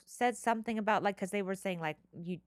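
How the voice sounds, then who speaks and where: Rambling mid-pitched woman in casual chat. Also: fast, clean tone, no echo. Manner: rambling, lots of "like", swears casually. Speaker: podcast co-host.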